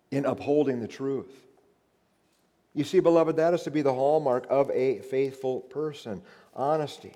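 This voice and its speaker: A male pastor preaches with fervent emphasis and calls his listeners beloved. His voice sits at a middle pitch and carries a long reverb, as if filling a large hall. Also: warm tone. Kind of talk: sermon.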